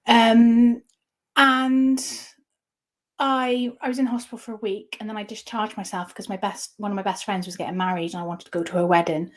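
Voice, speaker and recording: A woman in her thirties, an interview guest candidly telling a personal story, halting with frequent restarts. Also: medium pitch, little pitch movement.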